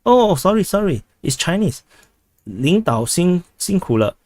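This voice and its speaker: Singaporean man, halting livestream chat. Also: sits high, sing-song, a little mellow, no room sound. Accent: Singaporean English. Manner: halting, repeats words, frequent "uh" restarts. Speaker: livestream host answering viewer questions. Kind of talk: casual livestream commentary.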